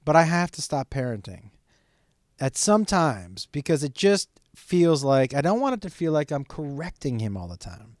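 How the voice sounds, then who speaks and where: A man's voice: on the high side, sing-song, normal speed, a little mellow, no room sound. Candid swearing man, dry close sound. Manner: candid, rambling, swears often. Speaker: podcast host. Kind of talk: solo podcast monologue.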